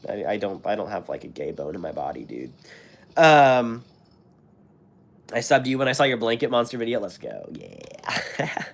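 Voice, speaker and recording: A man's voice: fairly low pitch, very animated, moderate pace, creaky, pauses often. American man with a sick scratchy throat. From United States. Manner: rambling, many fillers and restarts. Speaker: channel host. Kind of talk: live stream chat, reading comments.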